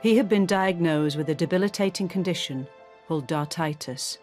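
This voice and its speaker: A woman reads scripted documentary narration in a measured tone. Her voice is slightly low, and faint music plays underneath. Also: darkish tone. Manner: measured, formal.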